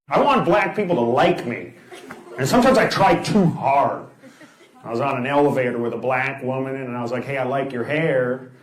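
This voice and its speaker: A man's voice: fairly high pitch, roomy sound, low-quality recording. A man performing a stand-up comedy set on a large theater stage, delivering punchy one-liners.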